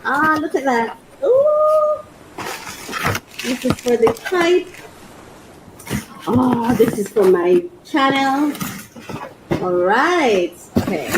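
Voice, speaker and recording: A woman's voice: on the high side, lively intonation, slow, long pauses, noisy background. A woman vlogger chatting casually as she unboxes, exclaiming often and laughing between phrases. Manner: thinks aloud about her life.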